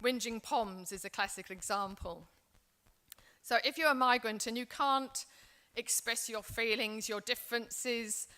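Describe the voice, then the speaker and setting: A woman presents a seminar in an earnest, reflective manner, often restarting her sentences. Her voice sits a little high. Her tone is bright and tense. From England. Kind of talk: seminar talk.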